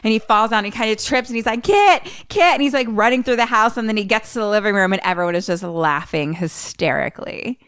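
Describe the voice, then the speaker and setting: A woman's voice: mid-range voice, quick pace, few pauses, smooth, no room sound, studio quality. A woman co-hosting a podcast, telling a movie plot in casual chat and acting out the characters' lines with swearing. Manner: animated retelling with acted-out quotes and swearing. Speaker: podcast co-host.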